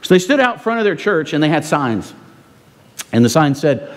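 Male pastor preaching; animated, chatty delivery with tag questions, echoing through a sanctuary. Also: on the high side, moderate pace. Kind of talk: sermon. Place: church sanctuary. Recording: long reverb in a church.

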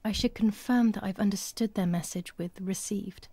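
An actress voicing a quiet, reflective young woman protagonist in a video game. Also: mid-range voice, normal speed, husky. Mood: calm.

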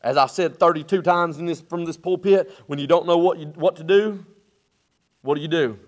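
A male pastor, preaching a sermon from the pulpit. He builds to loud, rising bursts, then drops low and quiet. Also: normal speed. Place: church sanctuary at the pulpit.

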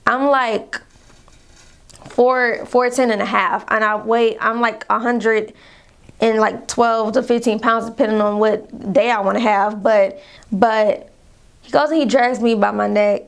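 A woman's voice: a little high, steady tone, a little slow, vocal fry, smooth. A young woman telling a painful personal story to her viewers in a vlog, rambling, calling them y'all, fighting back tears. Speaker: vlogger.

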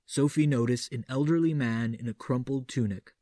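Audiobook narrator: man, dark mellow voice, theatrical and measured, dry close mic. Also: medium pitch, dry recording. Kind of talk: audiobook reading doing a Vincent Price impression.

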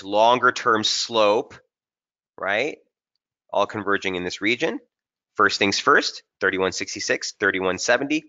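A man with a bright, forceful tone and a slightly low voice walks viewers through trading charts in a live webinar. He keeps it casual and energetic, talking straight to his audience. The sound is dull and lo-fi, like typical webinar audio. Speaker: technical strategist hosting a trading webinar. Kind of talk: live market analysis over charts.

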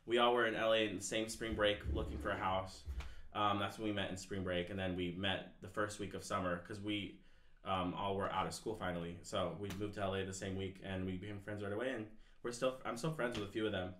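A young man chats as a podcast guest, circling through long anecdotes packed with "like" and "um." His voice sits low but comes across bright and forceful. The room around him is echoey. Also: fairly even intonation, brisk, slight background noise. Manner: rambling, filler-heavy storytelling. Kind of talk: casual chat.

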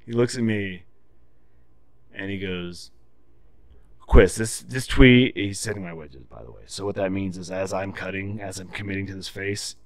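Guy with a lowish voice, dry close sound, swears a lot, explains stuff in detail. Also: moderate pace, no room sound. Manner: profane, explains tree-felling in technical detail. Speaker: podcast guest. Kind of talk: casual storytelling chat.

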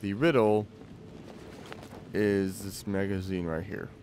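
A man's voice: fairly low pitch, fairly even intonation, takes it slowly, background noise. A young man hosting a gaming video, chatting casually and reading game text aloud with mocking, laughing asides.

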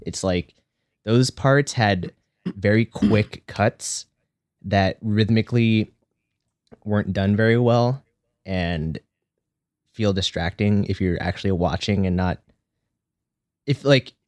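A man co-hosting a casual podcast chat, reviewing an episode in a thoughtful, halting way with repeated words. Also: fairly low pitch, darkish tone, no echo. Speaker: podcast co-host.

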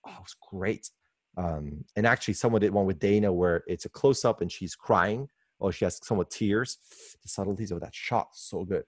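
Here a forties-aged man, an animator guesting on a webinar, comments with excitable enthusiasm from his home workspace via a video call mic, gushing and laughing frequently. His low voice moves at a normal speed. The audio is dry and clean, like a studio.

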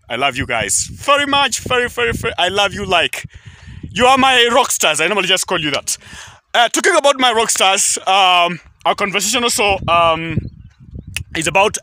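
A man's voice: high-pitched, big pitch swings, a little fast, sharp tone, a little hiss or hum. A man from Kenya with a Kenyan accent, English not his first language, chatting to camera outdoors in a rambling way with many fillers and restarts. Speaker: YouTube vlogger. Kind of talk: casual chat to camera. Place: outdoors near a highway.

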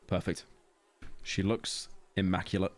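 A young British man streams a game, casually chatting with his viewers, sarcastic and swearing often. His voice is low-pitched and level, a little slow, with no room sound.

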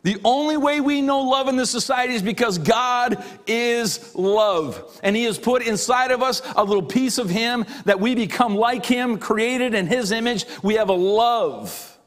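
A middle-aged man preaching a sermon, his voice sitting fairly high for a man. He hammers points home by repeating phrases. On the key lines he slows down and drops low. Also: a bit bright. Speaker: pastor.

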